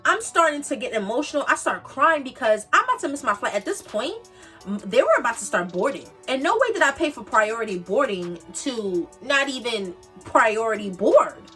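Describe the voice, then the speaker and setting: A young woman tells a story in an emphatic, repetitive, slangy way, with a fairly high voice. She sits a bit back from the mic. Soft music plays faintly underneath. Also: sing-song, moderate pace, slightly rough, recorded from a distance. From the Bronx, New York. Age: 20s. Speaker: vlogger. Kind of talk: casual storytime.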